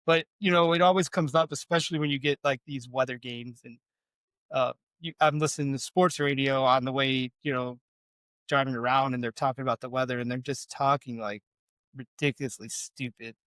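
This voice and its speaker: A man's voice: medium pitch, fairly even intonation, brisk, fairly bright tone, clean tone, dry recording. A man, co-hosting a podcast in rambling, self-deprecating casual chat. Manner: rambling, self-deprecating, with many fillers and restarts. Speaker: podcast co-host.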